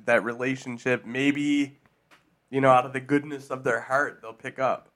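A podcast co-host chatting in an animated, giggly way, quick to react. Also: medium pitch. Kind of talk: casual comedic chat.

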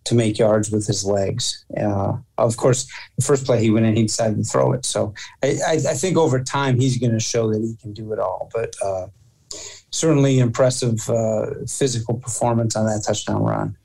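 A man, a football coach, answering interview questions in a halting way, restarting and repeating words often. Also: on the low side, gravelly, dark tone, rough recording.

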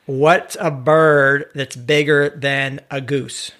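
A man's voice: mid-range voice, steady tone, slow, a bit bright. A man co-hosting a casual podcast chat, playful and fond of putting on a mock posh accent. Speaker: podcast co-host.

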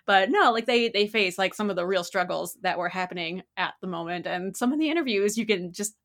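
Relaxed podcast co-host woman. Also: mid-range voice, fairly quick. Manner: relaxed, frequent fillers. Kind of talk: casual chat. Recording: close podcast mic.

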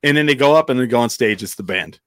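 A man's voice: mid-range voice, fast talker, clean tone, no room sound. A man from New Mexico hosts a podcast and spins a long bar story in a loose, rambling way, with plenty of swearing and restarts. His voice sits in an ordinary middle register. It is recorded close and dry, with no room sound. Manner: rambling, profane, animated. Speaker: podcast host. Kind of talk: casual storytelling.

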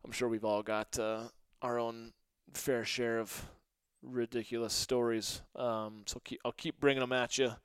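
A middle-aged man tells stories on his own podcast in a smooth, clear voice, recorded close and dry. He talks casually, jumps up in pitch to act out what people said, and keeps breaking into laughter. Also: a little slow, hardly any pauses, no room sound. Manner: animated, acts out quotes with raised pitch, laughs often. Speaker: podcast host. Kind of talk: casual storytelling monologue.

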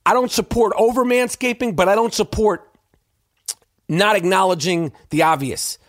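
A man hosting his own podcast, ranting in a brash, animated way, cursing and stumbling over repeated words. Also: sits high, normal speed, dry recording, studio quality. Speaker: podcast host. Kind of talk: profane rant.

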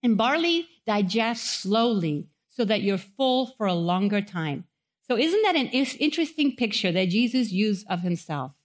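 A woman's voice: a little high, sing-song, normal speed. Conversational woman preaching a sermon. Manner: conversational, asks the audience questions, acts out quotes. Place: chapel.

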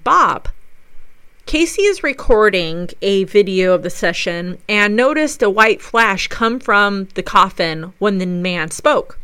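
A woman recounts a ghost investigation as a paranormal investigator, telling it with eager enthusiasm. Her voice is bright and smooth, and it sits close and dry with no room around it. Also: mid-range voice, no echo. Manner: enthusiastic storytelling. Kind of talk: narrated recap of a ghost investigation.

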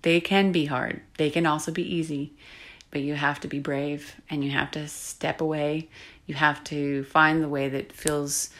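A woman's voice: low-pitched, little pitch movement, measured pace. A woman coach talking alone in a reflective, confiding way, sometimes dropping to a whisper. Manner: soft-spoken, confiding, drifts into whispers. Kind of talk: reflective solo podcast monologue.

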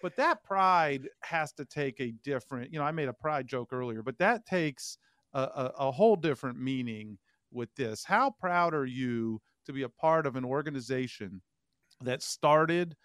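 A man's voice: medium pitch, expressive, normal speed, fairly bright tone, no room sound, clean studio sound. A man hosting a radio interview, asking playful, joking questions. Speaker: radio host.

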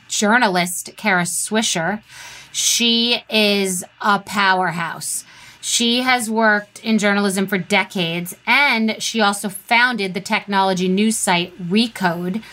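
A woman's voice: mid-range voice, fairly even intonation, takes it slowly, sharp tone. A woman hosts a podcast, speaking candidly and emotionally in short repeated statements. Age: 50s. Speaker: podcast host. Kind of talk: personal monologue and interview.

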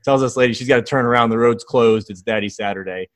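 A man in his thirties, a guest in an interview, telling lively stories about his kids and acting out their quotes. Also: mid-range voice, fast, no room sound. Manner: enthusiastic storyteller, acts out quotes. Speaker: guest, fatherhood author and founder. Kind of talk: conversational interview storytelling.

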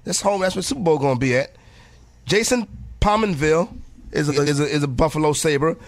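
A man's voice: on the high side, brisk, dry recording. A man hosting a radio show, chatting casually and joking as he stumbles through a list of names. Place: radio studio.

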